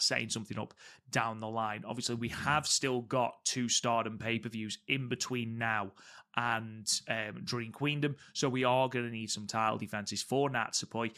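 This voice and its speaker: A man's voice: medium pitch, steady tone, normal speed, pushed and bright. A man co-hosting a podcast, reviewing wrestling matches in casual chat and stressing points by repeating words. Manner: enthusiastic, repeats words for emphasis. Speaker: podcast co-host.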